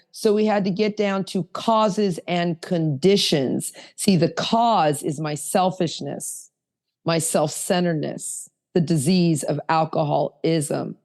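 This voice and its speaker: Earnest woman co-host, middle-aged, lowish mellow voice, leans hard on key phrases. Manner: earnest, emphatic, slows down to stress phrases. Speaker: podcast co-host. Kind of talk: casual podcast talk reading from a recovery book.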